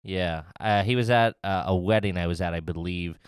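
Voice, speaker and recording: A man's voice: deep voice, normal speed, smooth, no echo, studio quality. A man in his thirties hosting a podcast, rambling through casual chat with lots of fillers and laughs. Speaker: podcast host.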